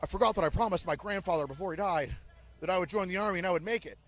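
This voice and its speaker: A man's voice: high voice, racing, fairly bright tone. A man voicing a timid, emotional young male army recruit who wants to quit. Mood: pleading.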